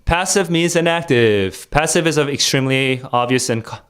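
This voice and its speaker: A man's voice: medium pitch, moderate pace, fairly bright tone, clean tone. Rambling young man quizzing his chat. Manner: rambling, many fillers and restarts, quizzes chat. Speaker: streamer and test tutor. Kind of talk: casual livestream chat and vocabulary quiz.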